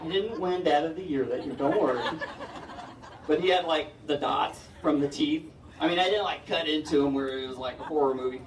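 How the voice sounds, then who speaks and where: A middle-aged man tells stand-up stories in a slightly high voice, chatty and self-deprecating, often chuckling. He is heard from a distance in an echoey indoor hall, with faint ambient noise behind him. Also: fairly quick. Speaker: stand-up comedian. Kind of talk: stand-up comedy storytelling.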